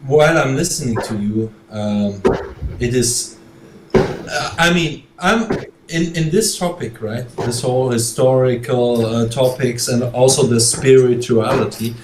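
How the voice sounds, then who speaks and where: Casting: man, mid pitch, halting with fillers, roomy echo and faint noise. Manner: halting, many filler pauses. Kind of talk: casual live stream chat.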